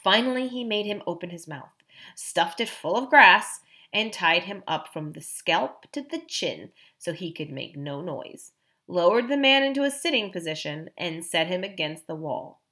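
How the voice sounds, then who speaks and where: A woman narrating a children's fantasy audiobook, expressive and voicing each character. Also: fairly low pitch, normal speed. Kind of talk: storybook narration.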